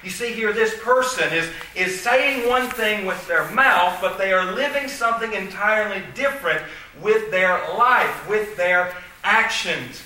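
A man preaching a sermon as pastor, earnest, with frequent restarts and slow, stressed phrases. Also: high-pitched, bright, forceful tone, slight background noise. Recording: very echoey hall, voice from far off.

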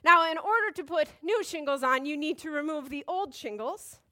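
A woman's voice: sits high, lively intonation, moderate pace, pushed and bright. A woman giving a casual, chatty Bible teaching, drifting into side notes and jokes about herself. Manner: chatty, digressive, self-deprecating.

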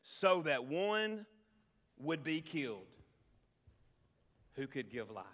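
A man preaching a sermon as a pastor, swinging between loud emphasis and hushed, low-voiced reflection. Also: sing-song, slow, long reverb tail. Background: band music.

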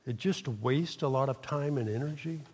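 A man's voice: mid-range voice, moderate pace, a little mellow, husky. Preaching man in a reverberant hall. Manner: emphatic call-and-response preaching. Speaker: pastor. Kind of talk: sermon. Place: church sanctuary.

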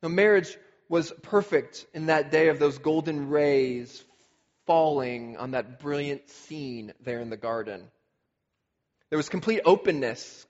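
A man preaching a sermon as pastor, animated and emphatic, full of rhetorical questions. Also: a little high. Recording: dull recording with long hall reverb.

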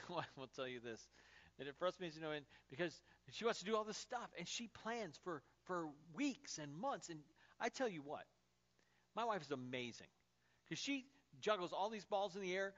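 In a muffled recording, a thirtyish man gives a sermon as pastor, his high-pitched voice animated and chatty as he tells stories, dropping in filler words.

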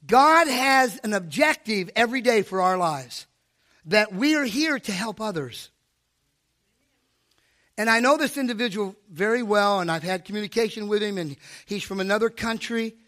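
A man preaching to a church, telling a story in an animated way and acting out his own inner voice. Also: high voice, normal speed. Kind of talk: storytelling sermon.

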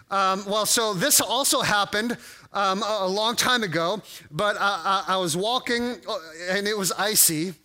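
A man's voice: sits high, sharp tone. A man preaching a sermon to a congregation, conversational and full of restarts and fillers. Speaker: pastor.

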